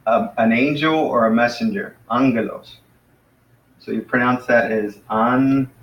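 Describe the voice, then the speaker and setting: Male teacher, casual classroom lesson, patient, slows down on key words; roomy sound, mic set back. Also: mid-range voice, a bit bright, lo-fi sound. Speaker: Greek teacher. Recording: echoey room, mic far off.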